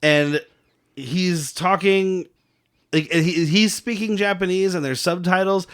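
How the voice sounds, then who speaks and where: A man's voice: high voice, unhurried, fairly bright tone. A man co-hosting a bad-movie podcast, recapping scenes in a rambling way with frequent swearing. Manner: rambling, laughs often, swears. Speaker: podcast co-host. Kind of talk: casual movie-review chat.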